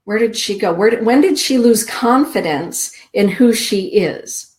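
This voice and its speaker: A middle-aged woman hosting a spiritual show, giving card readings to listeners in a soft, slow, drawn-out inspirational way. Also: mid-range voice, expressive. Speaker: show host and card reader.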